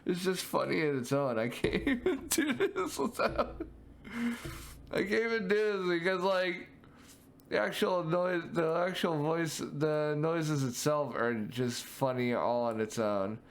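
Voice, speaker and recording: A man's voice: fairly high pitch, unhurried, smooth. A young man giving casual, rambling reaction commentary on animal clips as a streamer, laughing often.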